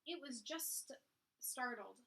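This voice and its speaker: A woman's voice: high-pitched, lively intonation, slow, gravelly, a bit bright, exaggerated voice. A woman reading the part of an angry, defiant teenage girl who speaks in a cold, accusing way. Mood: indignant.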